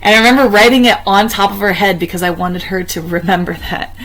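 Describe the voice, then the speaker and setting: A woman's voice: quick pace, rough recording. A young woman casually recounting a personal experience to camera, chatty, with frequent ums and restarts. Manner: chatty, many ums and restarts, bursts into high excited quoting. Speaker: vlogger.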